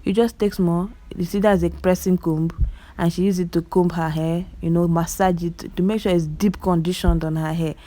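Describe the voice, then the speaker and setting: Her voice on the low side, mellow and fairly even, this Nigerian Igbo-accented vlogger comments chattily over clips at a moderate pace with no echo. She addresses viewers directly, exclaiming frequently and repeating words for emphasis.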